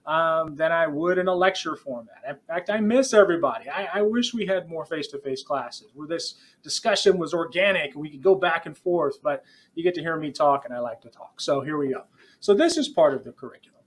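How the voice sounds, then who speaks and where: A middle-aged professor, lecturing future school leaders in a podcast. His voice sits a little high for a man. He talks in a relaxed, conversational way, wandering off on asides and speaking directly to his students. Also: fairly quick. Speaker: professor teaching future principals.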